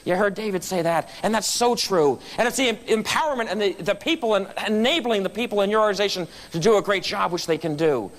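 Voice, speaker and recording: A man with a high voice talks fast and barely pauses as he tells stories at a club meeting in a meeting room. He's an animated storyteller, acting out the voices of the people in his anecdotes.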